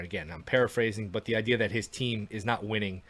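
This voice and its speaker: A man hosting a casual sports podcast, asking questions in a measured way and hedging his claims. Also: medium pitch, expressive. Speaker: podcast host.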